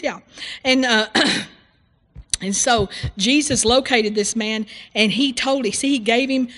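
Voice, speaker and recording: A woman's voice: on the high side, long reverb tail. A woman preaching a sermon, retelling a story and acting out the voices in it. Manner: animated storytelling, acts out voices in quotes.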